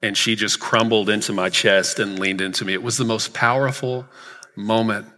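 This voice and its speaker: A pastor in his thirties with a lowish voice, fairly even intonation and a pushed, bright tone preaches at a moderate pace. Earnestly telling a story in a church sanctuary, he builds to emphatic repeated lines, and the recording reverberates like a hall.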